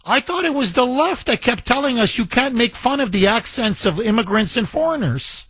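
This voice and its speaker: A male talk radio host with a high, bright voice, speaking into a studio mic. His delivery is combative and insistent, firing off insults and repeated points. The sound is close and dry. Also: expressive, moderate pace, dry recording. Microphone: studio microphone.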